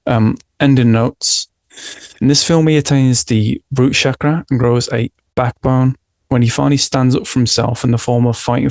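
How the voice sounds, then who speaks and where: Gravelly man reading a measured analysis. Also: medium pitch, a little mellow, no room sound. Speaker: podcast host presenting film analysis.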